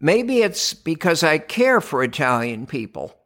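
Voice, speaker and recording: Older American man, podcast preacher: unhurried, emphatic, lively rising and falling pitch. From United States. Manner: slow, deliberate, emphatic preaching delivery. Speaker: podcast host, doctor. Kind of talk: scripted religious podcast talk.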